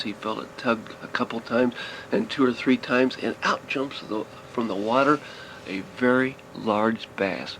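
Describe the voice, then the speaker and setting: A man's voice: mid-range voice, vocal fry. An older man telling a children's story in a folksy, rambling way, often restarting his sentences. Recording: noisy recording, vehicle noise behind.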